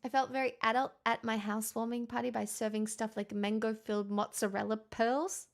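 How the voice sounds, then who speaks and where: Fairly high-pitched and gravelly, this young livestream host talks fairly quickly with little pitch movement. She reads viewer messages in a casual, playful chat, laughing a lot while sounding worn out.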